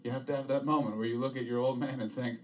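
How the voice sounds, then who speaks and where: A man doing a stand-up comedy set for a live album, telling dark stories in a deadpan way with sudden loud asides. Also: medium pitch, fast, far from the mic. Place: hot, narrow comedy room. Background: audience laughter.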